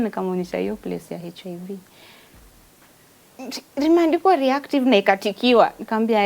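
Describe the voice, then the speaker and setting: A woman's voice: medium pitch, expressive, fast, low-quality recording. A woman with a Kenyan accent, a guest giving an emotional personal testimony and mixing Swahili with English.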